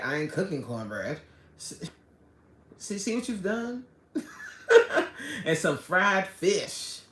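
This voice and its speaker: A woman's voice: low-pitched, slight background noise. Laughing woman streamer in an echoey room. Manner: laughs often, reads chat comments aloud. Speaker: live stream host reading chat. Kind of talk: casual live chat.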